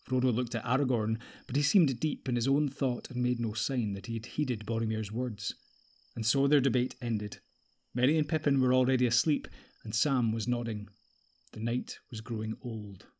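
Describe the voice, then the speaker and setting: A male audiobook narrator reads a story in a steady, even manner. His voice sits at an average pitch for a man, and the pace stays unhurried and measured throughout. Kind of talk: scripted narration.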